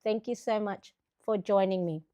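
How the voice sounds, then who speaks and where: A woman's voice: medium pitch, steady tone, normal speed, mellow. A middle-aged woman hosting a casual live stream, chatting and greeting viewers by name. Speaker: planner channel host.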